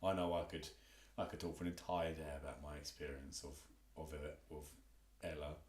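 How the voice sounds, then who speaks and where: Fast-talking very deep-voiced English dad. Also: male voice, reverberant. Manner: animated storytelling, acts out quoted dialogue. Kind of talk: casual chat.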